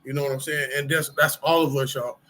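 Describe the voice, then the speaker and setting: A middle-aged vlogger talks casually and candidly to camera about his past and how he has changed in recovery, rambling with lots of fillers and street slang. His mid-range voice is steady, quick, bright and forceful in tone. The audio is poor.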